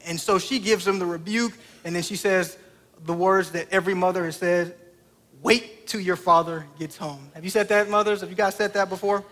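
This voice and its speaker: A man's voice: sits high, fairly even intonation, fairly quick, a bit bright. A man in his thirties, a pastor preaching a sermon through a family story, talking conversationally and putting direct questions to the congregation.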